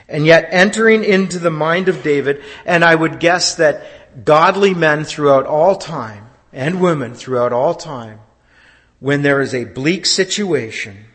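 A pastor preaching a sermon, swinging from loud declarations down to hushed, almost whispered lines. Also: male voice, fairly high pitch, animated, unhurried, big-room sound.

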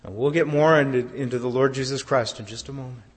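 A pastor preaching a sermon, swinging from loud declarations down to hushed, almost whispered lines. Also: male voice, medium pitch, fast talker, big-room sound.

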